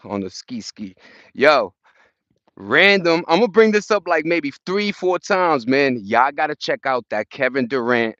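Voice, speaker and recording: A man's voice: medium pitch, a bit bright, dry recording. New york dude streaming from his phone on a hill walk, loose slangy talk, dry muffled audio. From Brooklyn, New York. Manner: upbeat, profane street slang, greets viewers; talking while walking uphill outdoors. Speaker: livestreaming vlogger. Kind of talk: casual live-stream chat. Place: outdoors in a park on a hill. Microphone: phone held at arm's length.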